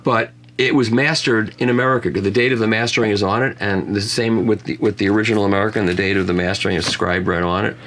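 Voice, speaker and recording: A man's voice: on the low side, steady tone, quick pace, few pauses, a bit bright. A man reviewing vinyl records in a casual conversation, chatty and full of self-mocking jokes and restarts. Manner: chatty storyteller who often restarts and jokes about himself.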